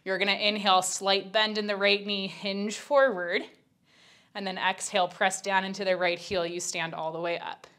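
Counting reps and talking through each move, a young woman teaches a Pilates workout while short of breath. Her mid-range voice is fairly bright but flat in delivery at a moderate pace, and her manner is chatty and candid.

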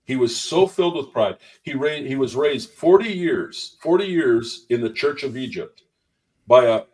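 A man in mid pitch tells church testimony stories in an easy, conversational way. He is animated and slips into the voices of the people in his anecdotes. His voice sits a little back from the microphone. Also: moderate pace, far from the mic, poor audio. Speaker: guest minister.

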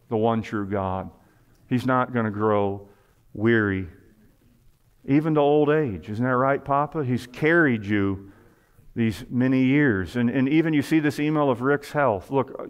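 A man's voice: medium pitch, animated, normal speed, clean tone, lo-fi sound. Man preaching a sermon earnestly. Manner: earnest preaching, rising and falling emphasis; asks the congregation rhetorical questions. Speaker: pastor. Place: church sanctuary.

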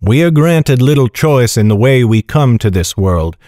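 A man voicing a grave, wise older knight who speaks in a measured, soft way. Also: mid-range voice, dry recording, clean studio sound, lightly acted. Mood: grave, gentle. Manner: measured, calm, soft-spoken.

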